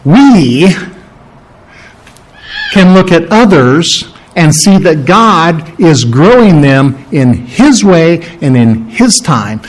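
A man's voice: on the high side, big pitch swings, extremely slow, poor audio. A middle-aged man preaching a sermon in a conversational way, stopping to ask his congregation questions. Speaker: pastor.

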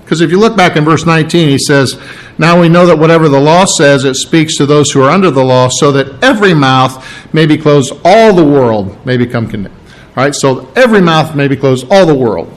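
A man's voice: a little high, expressive, brisk, poor audio. A man preaching an expository sermon, earnest and emphatic, often repeating key phrases and restarting his sentences. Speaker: pastor.

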